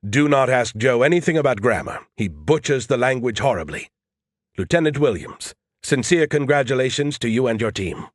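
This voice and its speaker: A man's voice: mid-range voice, animated, normal speed, no echo, studio quality, lightly acted. A man voicing a smug, sarcastic male AI who talks down to people and teases them. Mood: condescending. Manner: condescending, teasing.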